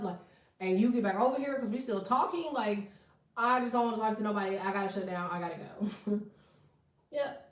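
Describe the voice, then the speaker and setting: A woman's voice: medium pitch, quick pace. A woman giving a casual tarot reading, blunt and profane, breaking into laughing asides. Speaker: tarot reader. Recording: echoey room, distant from mic.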